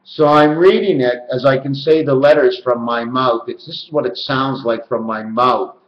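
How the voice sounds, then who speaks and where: A man's voice: medium pitch, moderate pace. A man rambling alone to the camera about numbers and letters, chanting and stretching words in a sing-song way. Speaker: video maker explaining number and letter theories. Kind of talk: rambling solo monologue. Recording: roomy, dull lo-fi home recording.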